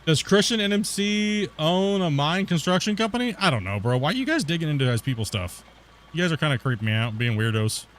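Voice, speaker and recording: A man's voice: on the high side, a little fast, slight background noise. Slangy rambling male streamer. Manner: rambling, animated retelling with slangy "dude" and "bro". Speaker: gaming streamer. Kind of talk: casual storytelling while gaming.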